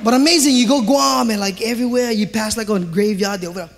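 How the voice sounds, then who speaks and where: A man with a Hawaiian Pidgin-tinged accent doing loud, animated live stand-up in a large theatre. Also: sits high, fast, creaky, big-room sound. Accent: Hawaiian Pidgin-tinged English. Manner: loud, animated, shouting punchlines. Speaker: stand-up comedian. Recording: live theatre recording with audience noise.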